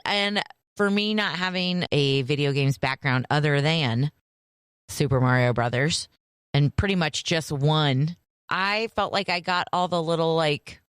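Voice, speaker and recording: A woman's voice: low voice, smooth, dry recording, studio quality. A middle-aged woman co-hosting a radio show, chatting casually in an upbeat, plain-spoken way. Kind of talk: casual banter.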